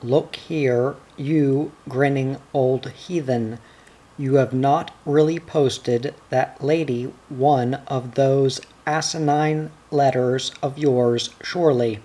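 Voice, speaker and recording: Prim, exasperated schoolmaster voiced by a male reader, mellow tone, unhurried. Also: mid-range voice, steady tone, slightly rough. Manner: prim, scolding.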